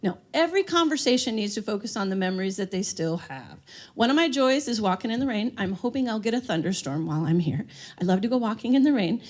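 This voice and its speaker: A woman talks fast and expressively at a medium pitch, her tone on the darker side. Before a live audience, she leads a seminar on dementia care, telling stories and asking people questions.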